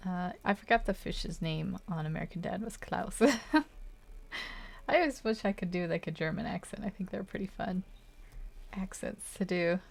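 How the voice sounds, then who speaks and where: A woman with a lowish voice and a gravelly, fry-touched edge chats as she draws. She thinks out loud, hesitates often and laughs lightly at her own choices. The talk is casual and unscripted, aimed at viewers watching her sketch. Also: moderate pace. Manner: hesitant, thinking aloud, frequent little laughs. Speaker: artist streaming a drawing session. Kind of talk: casual chat while drawing.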